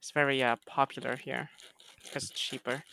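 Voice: mid-range voice, level tone, normal speed, vocal fry, sharp tone, no room sound, studio quality. A podcast co-host in casual chat, bantering in a teasing, mock-indignant way.

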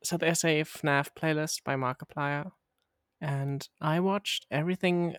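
A man, a native German speaker, co-hosting a podcast in casual chat with a blunt, deadpan manner. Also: fairly high pitch, a little slow, clear, resonant tone, no room sound, studio quality. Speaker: podcast co-host. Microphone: remote call microphone.

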